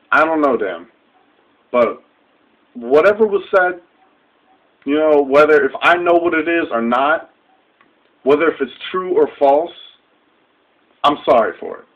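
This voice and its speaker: Young man, fairly high voice, angry profane rant, confrontational, dull lo-fi recording. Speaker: vlogger. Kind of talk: direct-to-camera rant. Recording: dull lo-fi webcam sound.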